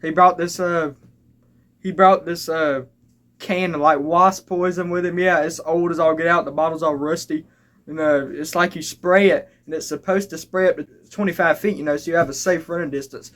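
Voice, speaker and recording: A young man telling comic stand-up stories, rambling and halting with frequent restarts. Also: fairly high pitch, fairly even intonation, a bit bright. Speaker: stand-up comedian. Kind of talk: stand-up comedy storytelling. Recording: live crowd laughter and noise. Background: audience laughing.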